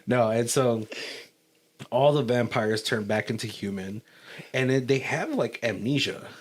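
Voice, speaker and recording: A man's voice: medium pitch, a little slow. A man co-hosting a casual movie commentary podcast, rambling through a plot recap, often searching for words and laughing between thoughts. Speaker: podcast co-host.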